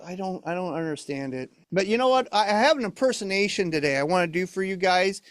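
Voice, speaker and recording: A man's voice: high-pitched, expressive, a little fast, few pauses, smooth, no room sound, clean studio sound. A middle-aged man performing a ventriloquist comedy act, playing the exasperated straight man to his puppet.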